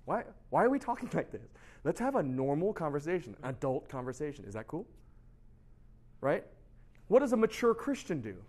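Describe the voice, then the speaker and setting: Animated man preaching, slightly high voice. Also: normal speed. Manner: chatty, animated, constant rhetorical "right?"; laughs at himself, shouts for emphasis. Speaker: pastor. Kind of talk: casual youth sermon.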